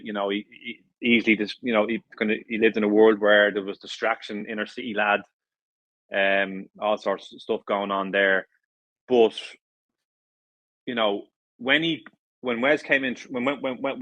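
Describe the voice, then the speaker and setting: A man's voice: on the low side, a bit bright, dry recording, dull audio. A middle-aged Irish man, a former footballer, telling stories in a casual interview, rambling with many restarts and fillers. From Ireland. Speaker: former footballer, podcast guest.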